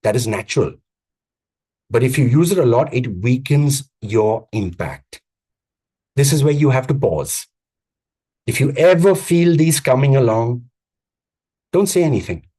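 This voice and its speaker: Husky guy coaching over a video call, punchy repeated lines, slow deliberate pauses. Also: medium pitch, animated, mellow. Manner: emphatic, repetitive phrasing with deliberate pauses. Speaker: communications coach. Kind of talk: live online coaching talk.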